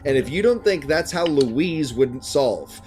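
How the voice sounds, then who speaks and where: A man's voice: on the high side, expressive, measured pace, a little mellow, a little hiss or hum. A man running a tabletop game as dungeon master, narrating with many hesitant ums.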